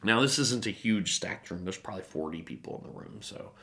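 A pastor telling a story as a guest in an interview, animated and acting out the voices of people in his story, laughing often. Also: fairly low pitch, a little fast.

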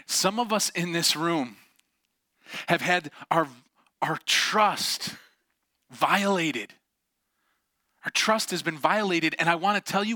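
A man's voice: high voice, dry recording, studio quality. A young adult man preaching a sermon as a pastor, telling a personal story and acting out the voices in it. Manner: animated storytelling with acted-out quotes.

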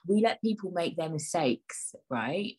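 A woman's voice: lowish voice, lively intonation, unhurried, warm tone, breathy edge, poor audio. A woman hosting a solo podcast, rambling in a chatty, joking, self-mocking way. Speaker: podcast host.

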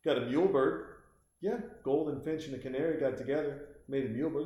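A man's voice: medium pitch, normal speed, dull audio. A man hosting a casual comic monologue, rambling and swearing with frequent restarts. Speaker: host. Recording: very echoey room.

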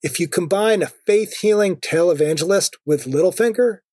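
A man's voice: high-pitched, moderate pace, darkish tone, no room sound, studio quality. A man co-hosting a podcast in casual chat, often laughing and filling his talk with "like" and "uh". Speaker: podcast co-host.

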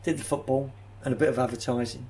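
A bumbling old ex-footballer from London, as a man puts him on, with an accent that slips under a mock-posh polish. He stumbles and repeats himself with dry understatement, at an ordinary middle pitch. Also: steady tone, fast talker, a little mellow, close to an everyday voice. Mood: deadpan. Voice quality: slightly put-on posh voice. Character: elderly male retired London footballer, bumbling. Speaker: guest. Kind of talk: improvised comic character interview.

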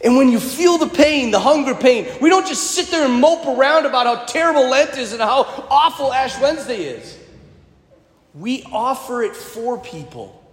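A priest gives a sermon in a church, his voice pitched high for a man and swinging widely as he talks. He speaks in a conversational, humorous way and drives points home by repeating them. The sound is roomy, with a long reverb trailing each phrase. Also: moderate pace. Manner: lively and conversational, with humor and emphatic repetition.

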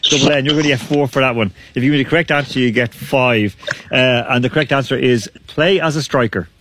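A man's voice: medium pitch, fast, noisy background. A man hosting a casual online quiz, chatty and laughing often. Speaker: quiz host.

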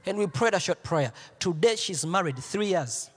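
High, lively-voiced preaching man in a hall. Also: normal speed, husky. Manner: dramatic preaching, repeats phrases, swings from whispers to shouts. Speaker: pastor. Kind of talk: sermon.

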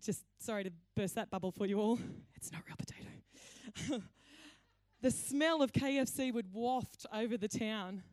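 A woman's voice: fairly high pitch, normal speed, hardly any pauses, darkish tone, no room sound. A woman pastor delivering a sermon in a conversational, playful storytelling way. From Australia.

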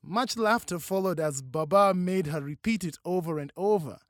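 A narrator reading a novel aloud with expressive, varied delivery. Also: medium pitch, normal speed, hardly any pauses, no room sound, clean studio sound. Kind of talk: audiobook narration.

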